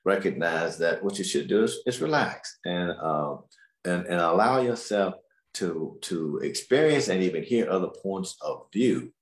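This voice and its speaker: A man, a scholar, answering interview questions in a measured, explanatory way. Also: sits low, animated, echoey room. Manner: measured, explanatory, repeats words.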